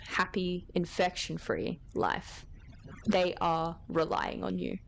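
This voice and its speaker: A woman's voice: medium pitch, close to an everyday voice. A woman voicing a stern official who gives a formal, rousing address to new recruits. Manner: formal, commanding speech.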